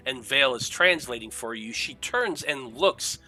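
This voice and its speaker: A man's voice: medium pitch, lively intonation, normal speed, sharp tone. A man running a tabletop game as game master, narrating casually with frequent ums.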